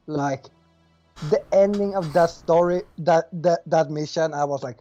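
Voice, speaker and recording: A man co-hosting a casual gaming chat, who talks haltingly, hunts for his words and asks a lot of questions. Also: fairly high pitch, warm tone, lo-fi sound, soft background music. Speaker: podcast co-host.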